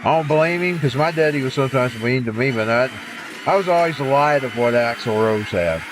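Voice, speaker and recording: A man chatting casually on a livestream, rambling and pausing to recall details. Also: mid-range voice. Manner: rambling, folksy, trails off to recall things. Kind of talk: casual chat between singing. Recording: noisy background.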